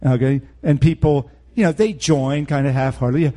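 A man's voice: mid-range voice, moderate pace, hardly any pauses, warm tone. A man preaching a verse-by-verse Bible teaching sermon in a blunt, emphatic way, with sarcastic asides.

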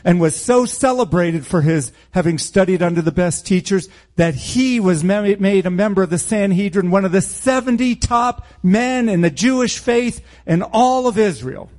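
A man's voice: sits high, animated, moderate pace, hardly any pauses, darkish tone. A man preaching a verse-by-verse Bible teaching sermon in a blunt, emphatic way, with sarcastic asides.

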